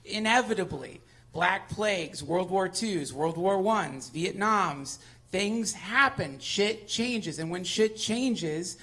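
A man guesting on a live comedy podcast, ranting excitedly and swearing a lot, sometimes building to shouts. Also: high-pitched, takes it slowly, husky. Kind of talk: casual comedic chat on a live show. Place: live venue on stage.

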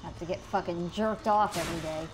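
A woman's voice: lowish voice, steady tone, fairly quick, background noise. A woman streaming a video game, talking casually to her chat and swearing often out of frustration. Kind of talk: casual live gameplay commentary.

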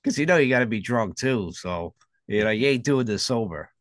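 A man's voice: mid-range voice, animated, fairly quick, no room sound, clean studio sound. A man co-hosting a podcast, joking crudely in casual banter. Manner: crude, joking, laughs often. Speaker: podcast co-host.

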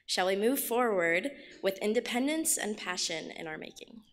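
A woman's voice: mid-range voice, animated, normal speed. A graduating student, a woman, reads a short, earnest speech in formal wording. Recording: reverberant hall.

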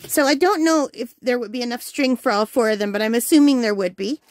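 A woman's voice: a little high, fast talker, no room sound. A woman hosting a crafting channel, chatting casually and enthusiastically at home while unboxing, with the hiccups. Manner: chatty, enthusiastic, easily delighted. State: has the hiccups.

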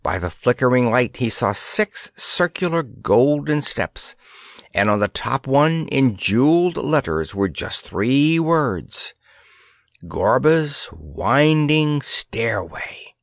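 A man's voice: medium pitch, sing-song, slow pace, dry recording, clean studio sound. A man reading a children's fantasy story aloud as an audiobook narrator, telling it expressively.

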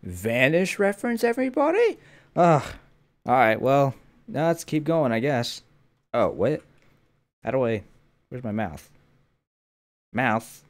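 A young man runs a gaming channel, headphones with a mic on, keeping up a jokey running commentary to himself as he plays. His voice is mid-range and expressive, and he goes slowly with frequent pauses.

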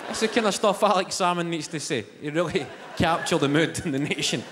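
A young Scottish man with a Glaswegian accent doing live stand-up, chatting fast with the crowd and breaking into shouts. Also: on the high side, noisy background. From Scotland. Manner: quick, chatty crowd work with bursts of shouting. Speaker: stand-up comedian. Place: large theatre stage. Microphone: stage microphone. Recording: roomy theatre reverb, loud crowd. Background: laughing audience.

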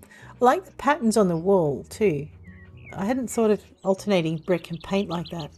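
A woman's voice: mid-range voice, animated, moderate pace, mellow, soft background music. A woman commentating her game play from home in a casual, chatty way, stopping now and then to talk fondly to her dog. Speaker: gaming channel host. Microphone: desk microphone.

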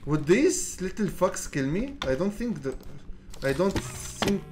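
A gaming channel host giving laid-back let's play commentary, mumbling and swearing, then yelling at the monsters. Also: medium pitch, big pitch swings, a little slow, over music.

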